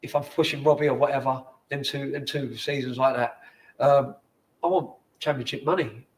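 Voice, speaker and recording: A man's voice: medium pitch, fairly even intonation, normal speed. A man in his forties, a former footballer, telling rambling, sweary stories in a casual interview in a bar.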